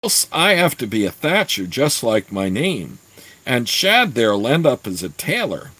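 A man's voice: mid-range voice, sing-song, measured pace, fairly bright tone, breathy edge, dry recording, full character voice, low-quality recording. A man doing a tall earnest boy. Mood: confessing. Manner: earnest, plain-spoken.

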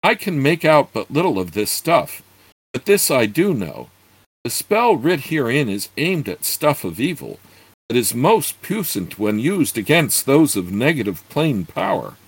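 A man's voice: mid-range voice, very animated, measured pace, slightly rough, no echo, pitched above the performer's own voice, heavily acted. A man doing a peevish old-world druid. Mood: cautious. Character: cautious male druid, peevish and learned.

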